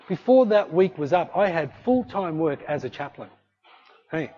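A man preaching a sermon in a conversational, animated way, acting out little voices in his stories. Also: fairly high pitch, moderate pace, long pauses. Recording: dull lo-fi recording.

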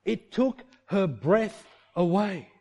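A man preaches with a fairly high, mellow voice. He talks to the congregation casually and keeps firing rhetorical questions at them, speeding up and slowing down for emphasis. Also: husky. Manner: animated, shifting pace for emphasis. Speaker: pastor. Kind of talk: sermon.

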